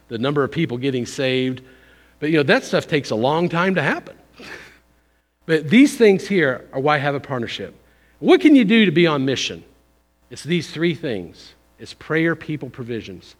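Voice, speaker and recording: A man giving a conversational, folksy missions sermon in a church, pushing up for emphasis and then dropping low. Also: big pitch swings, moderate pace. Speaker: visiting missions speaker. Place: church sanctuary. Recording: long hall reverb.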